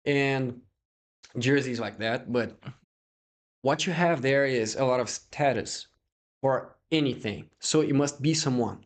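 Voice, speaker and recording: A young Brazilian man with a Brazilian Portuguese accent chats casually in English as an interview guest, speaking at a measured pace in a medium-pitched voice. He's an animated storyteller who acts out the voices of the people he quotes.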